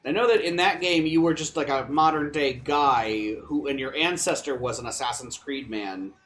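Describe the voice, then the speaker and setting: A man's voice: a little high, moderate pace, a bit bright, faint music behind. A man chatting casually while watching a game stream, rambling with lots of filler words. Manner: rambling, filler-heavy storytelling. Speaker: guest streamer. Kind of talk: casual chat.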